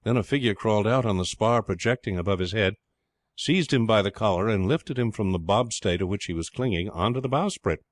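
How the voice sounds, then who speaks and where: A man narrating an adventure novel with a steady, measured reading. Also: fairly low pitch, no echo. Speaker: audiobook narrator. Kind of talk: scripted narration.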